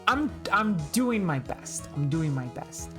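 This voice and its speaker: A young woman chatting casually with her stream viewers while playing. Her voice is on the low side and her manner is chatty and self-deprecating. Faint music plays underneath. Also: big pitch swings, slow.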